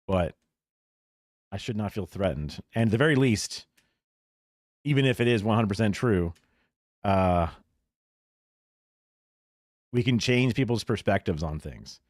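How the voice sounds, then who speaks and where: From a home streaming setup, a man hosts a live reaction stream in a fairly low, expressive voice, unhurried and with frequent pauses; the recording is dry and studio quality. He talks casually and with strong opinions, mixing profane rants with chuckles.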